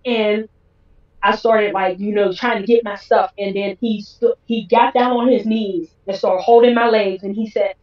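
A woman's voice: medium pitch, moderate pace. A woman guest on an interview show, telling her personal story with feeling and acting out what others said. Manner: emotional, acts out quoted dialogue. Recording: roomy, distant, dull sound.

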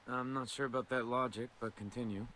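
A man's voice: mid-range voice, steady tone, a little fast, heavy background noise, close to an everyday voice. A man voicing a curt young male hero who answers dryly. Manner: dry, terse.

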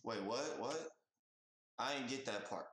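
Wearing headphones at a desk mic, a man hosts a reaction video, talking casually with plenty of profanity and street slang while hammering his points home through repetition. His mid-range voice is a little slow and animated. The audio is poor, with a roomy sound and slight background noise.

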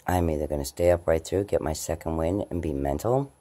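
A woman vlogging casually at home, rambling about her day and her eyesight, and slipping into high baby talk with her cats. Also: fairly quick, dark tone. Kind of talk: casual late-night vlog. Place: at home, indoors.

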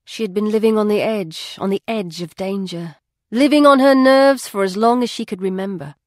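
A woman reading a novel aloud as an audiobook narrator, in an even, measured storytelling voice. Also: medium pitch, no room sound. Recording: dry studio.

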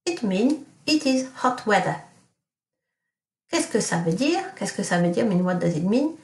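A woman's voice: mid-range voice, very animated, darkish tone, reverberant. A woman teaching a recorded lesson, patiently explaining with fillers and self-corrections and carefully modelling pronunciation. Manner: slow, careful model pronunciation of French words. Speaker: French teacher. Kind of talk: recorded online language lesson.

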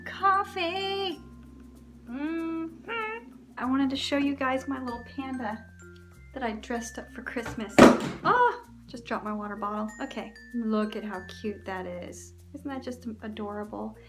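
A cheerful woman with a high voice chats to the camera as she shows off her home and kitchen. She talks in a casual, friendly vlog style. The home video has music playing clearly under her voice. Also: moderate pace. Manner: chatty, cheerful, talking to camera while doing chores. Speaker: vlogger. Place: family home, indoors.

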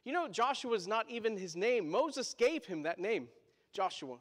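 A man's voice: high voice, very animated, moderate pace, in a large hall. A male pastor telling a story in a sermon, chatty, with asides to the congregation.

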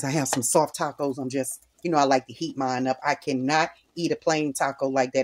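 A woman's voice: low-pitched, darkish tone. A middle-aged woman hosting a home cooking video, talking candidly and earnestly about her faith while she cooks. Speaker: cooking channel host. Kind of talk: casual cooking vlog with personal testimony.

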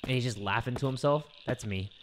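A young man hosting a horror game let's play, joking constantly and breaking into loud outbursts. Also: mid-range voice, brisk, noisy background. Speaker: gaming video host.

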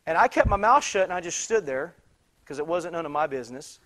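A man preaching in church, telling a story with many restarts and bursts of loud exclamation. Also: on the high side, lively intonation, brisk. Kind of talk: sermon storytelling. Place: church sanctuary.

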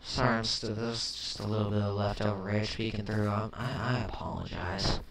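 A young man giving let's play commentary, chatting calmly and then flaring into shouted rage at the game, often swapping swears for milder words. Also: fairly low pitch, normal speed, vocal fry. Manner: swaps swears for mild substitutes. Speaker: gaming commentator. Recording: distant mic with faint hiss.

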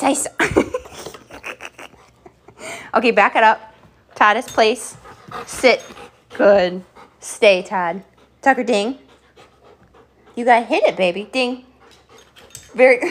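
A woman with a fairly high voice hosts a live stream from her home while training her dogs. She talks playfully, snapping out short commands and thanking viewers, and sounds a little out of breath. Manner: playful, gives quick commands and thanks viewers between laughs. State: slightly out of breath. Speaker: pet vlogger hosting a live stream.

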